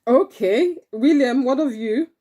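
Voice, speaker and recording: A woman's voice: high voice, expressive, unhurried, dark tone. A woman teaching an online church class for preteens, encouraging them and repeating their answers back. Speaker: Sunday school teacher.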